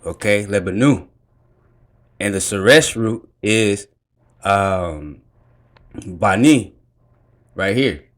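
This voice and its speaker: A man's voice: on the low side, takes it slowly, long pauses. A man explaining Hebrew grammar emphatically, pointing out each detail step by step.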